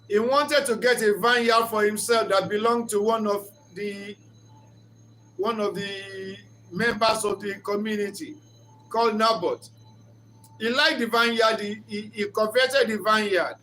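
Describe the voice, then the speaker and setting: A man's voice: high-pitched, unhurried, bright, forceful tone, a little hiss or hum. A man giving an earnest, preacher-like reflective talk on marriage, mixing in story retellings. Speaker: speaker of a reflection channel.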